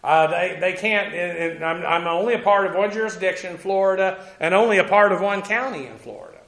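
A pastor preaches a sermon, teaching scripture conversationally with lots of fillers and restarts. His high, gravelly voice is brisk with a fairly bright tone, and the room sounds echoey.

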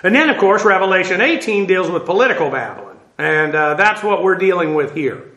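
A man's voice: sits high, very animated, fairly quick, sharp tone, echoey room. A man teaching a verse-by-verse Bible lesson in an informal way, with many fillers, spelling out Hebrew words.

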